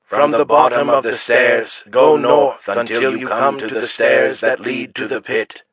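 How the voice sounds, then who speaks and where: Man doing gruff dungeon guards, slow and loud. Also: mid-range voice, fairly even intonation, a loud crowd, lightly acted. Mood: brisk. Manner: louder, slower and slightly raised voice. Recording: dull lo-fi dry audio.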